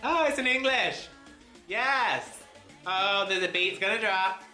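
Excitable male reaction vlogger, very lively delivery, slow unhurried pace. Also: high voice. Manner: gushing, exclamatory, frequent oohs and gasps. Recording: echoey room with music underneath. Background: music playing.

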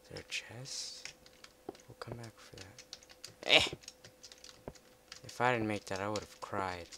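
A man giving casual commentary while playing a game, chatty and muttering to himself, with excitable outbursts. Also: fairly low pitch, normal speed. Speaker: let's play gamer. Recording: loud background noise with keyboard typing.

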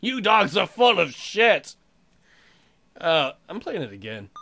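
Guy doing let's play commentary, swears a lot, bright voice, jumps all over in pitch. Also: slow pace. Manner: excitable, laughing and swearing. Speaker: gaming channel host.

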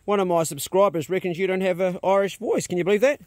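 New man, farm vlogger, blunt and earthy, fairly high pitch, outdoors on a phone. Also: quick pace, darkish tone, no room sound. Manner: earthy, blunt, swears freely. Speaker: farmer vlogger. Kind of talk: casual walk-and-talk vlog. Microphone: phone camera.

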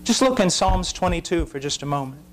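A man's voice: fairly high pitch, expressive, a little fast, a little hiss or hum. Intense preacher man, impassioned sermon. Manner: intense, rising to shouts at climaxes.

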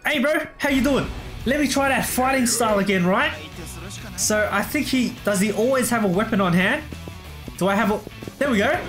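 A man gives casual, excitable commentary while playing a video game. He laughs often and drops "bro" and "man" into nearly every line. Game music plays clearly behind his voice. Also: extremely high pitch, normal speed. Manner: excitable, laughs a lot, says "bro" constantly. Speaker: gameplay streamer. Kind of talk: casual let's play commentary.

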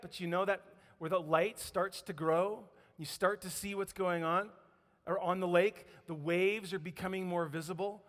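A man with a fairly high voice preaches in a church. He tells the story with lively energy and puts on voices for the quotes. A long reverb from the hall trails behind his words. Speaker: pastor. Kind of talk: sermon. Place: church sanctuary.

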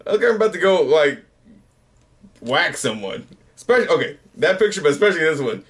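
A man's voice: on the high side, sing-song, fast, fairly bright tone. Rambling man in his thirties, easygoing. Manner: rambling, self-mocking, trails off. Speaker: YouTuber. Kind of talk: casual late-night chat.

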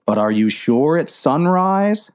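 A woman's voice: sits low, very animated, slow, a little mellow, full character voice. Woman doing a plodding, earnest sailor sidekick. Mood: worried.

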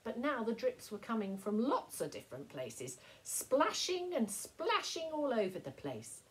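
A woman's voice: fairly high pitch, poor audio. Woman teacher reading a picture book aloud. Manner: expressive, slow storytelling. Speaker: primary school teacher.

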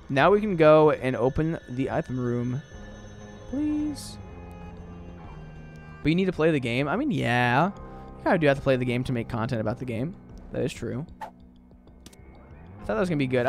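A man's voice: medium pitch, lively intonation, brisk, faint music behind. A man in his twenties casually chatting with his chat while playing a video game. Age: 20s. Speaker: gaming streamer. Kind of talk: casual live stream commentary.

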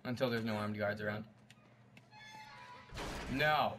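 A man's voice: fairly low pitch, takes it slowly, bright, forceful tone, faint music behind. A man watching a friend play a video game, teasing him with dry quips in casual banter. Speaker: co-commentator.

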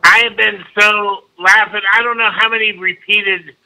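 A man's voice: sits high, steady tone, normal speed, creaky, pushed and bright, poor audio. A man calling in on speakerphone, stoned and laid-back, drawling with lots of dude and man. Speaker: caller. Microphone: phone on speakerphone.

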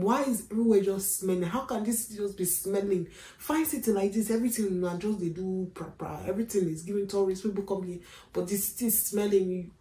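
A young travel vlogger chats to camera in a casual, animated way, with plenty of slang and easy laughter. Her voice is lowish and mellow, and the room sounds echoey with faint ambience.

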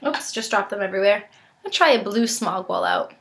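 A woman's voice: mid-range voice, animated, a little fast, fairly bright tone, slight background noise. A young woman reviewing snacks in a casual unboxing vlog, chatting and tasting as she goes, sometimes talking with her mouth full. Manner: chatty, talks while chewing.

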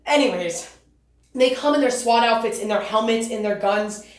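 A woman's voice: a little high, normal speed, echoey room, lightly acted. A young woman acting in a stage monologue, playing a laid-back stoner who rambles and swears. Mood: rambling. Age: young adult. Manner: rambling, loose and profane. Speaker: student actor.

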